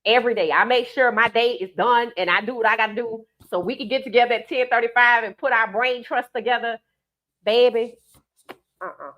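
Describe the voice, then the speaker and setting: A woman with a New Orleans accent hosting a live stream, giving emphatic, animated commentary and reading out viewer comments. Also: fairly high pitch, a little fast, dull audio.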